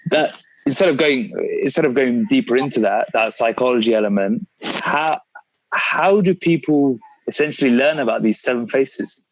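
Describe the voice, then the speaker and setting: Podcast host steering the chat. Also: male voice, mid-range voice, moderate pace, dry recording. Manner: conversational, steering the talk with questions. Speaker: podcast host and fitness coach. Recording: dry, slightly muffled audio.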